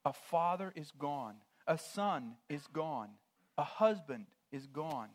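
A man preaching a sermon, laying out word meanings in short, measured phrases and swinging from hushed near-whispers to loud proclamations. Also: on the high side, animated.

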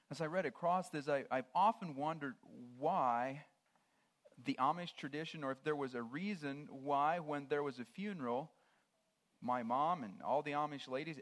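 A man's fairly high voice carries a sermon in which he unpacks word meanings in brief, measured phrases, alternating near-whispers with loud proclamations.

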